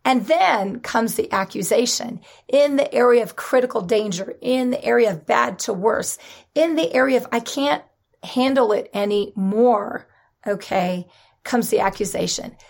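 A woman preaching a sermon in an animated, conversational way, with dramatic emphasis and laughter. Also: a little high, normal speed, creaky.

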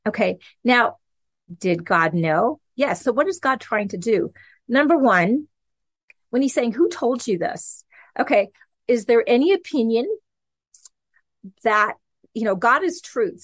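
A woman teaches scripture on her podcast in a relaxed, conversational way. She talks with animated energy and keeps checking in with her listeners. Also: fairly high pitch. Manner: animated, conversational, frequent "okay" and "right". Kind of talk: casual Bible teaching.

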